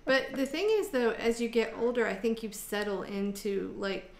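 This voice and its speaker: A woman's voice: on the high side, moderate pace, creaky, a little mellow, roomy sound. A woman from Michigan hosting a casual chat over a video call, rambling with many fillers. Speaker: host.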